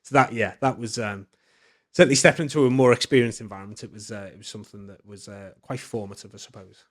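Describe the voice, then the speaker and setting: A man's voice: on the low side, steady tone, fast talker. Chatty man telling stories. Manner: chatty, many fillers and restarts. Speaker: podcast guest. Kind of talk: casual storytelling.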